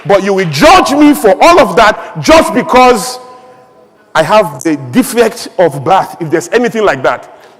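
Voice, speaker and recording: A man with a notably high voice delivers a fiery conference speech. He talks in an emphatic, rhetorical way with humorous asides. The sound rings out with the long reverb of a big hall. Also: animated, unhurried, a bit bright. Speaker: conference speaker. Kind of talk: impassioned public speech. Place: large event hall.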